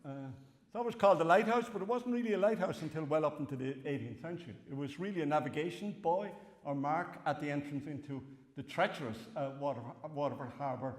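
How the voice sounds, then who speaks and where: An older Irish man giving a wry, animated farewell lecture with slides in a large hall. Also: fairly high pitch, quick pace. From Ireland. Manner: wry, animated storytelling with chuckles. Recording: long hall reverb.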